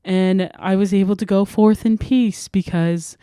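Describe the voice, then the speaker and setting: A woman's voice: medium pitch, fairly even intonation, a little slow, warm tone, smooth, no echo, studio quality. A young woman hosting a self-help podcast, talking candidly and earnestly and reading quotes aloud. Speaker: podcast host.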